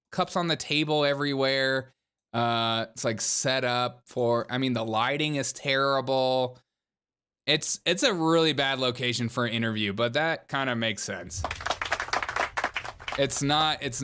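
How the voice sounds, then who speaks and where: A man's voice: mid-range voice, a little slow, sharp tone, clean tone. A man hosting a political commentary show, talking sarcastically over clips with mocking, laughing asides.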